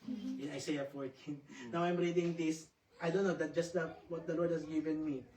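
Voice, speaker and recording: A woman's voice: sits low, steady tone, normal speed, dark tone. A woman with a Filipino accent leading a Bible study in an earnest, conversational way, reading scripture aloud with many asides. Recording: echoey room, voice far from the mic, faint noise.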